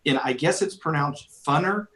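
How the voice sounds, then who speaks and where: A man's voice: fairly high pitch, normal speed, a bit bright. Chatty male co-host in an echoey room. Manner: chatty, leads into questions with long setups. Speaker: radio co-host. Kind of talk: casual interview chat. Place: remote from the studio.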